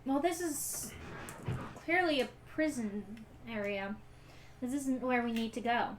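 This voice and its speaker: A woman playing a tabletop game, describing her character's actions in a lively way. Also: fairly high pitch, unhurried, a little hiss or hum. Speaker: player.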